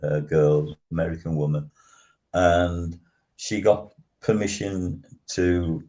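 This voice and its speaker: An older man in his seventies with a very low voice hosts a talk show. He reminisces unhurriedly, stopping and restarting often with ums. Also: level tone, mellow. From West Midlands, England. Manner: halting, with frequent restarts and ums. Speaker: radio show host. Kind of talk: casual reminiscing chat.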